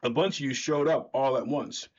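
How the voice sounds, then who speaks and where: A man voicing a gruff, blunt veteran winged hero who talks down to a newcomer, on a slightly dull recording. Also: mid-range voice, normal speed, lightly acted. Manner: curt, lecturing.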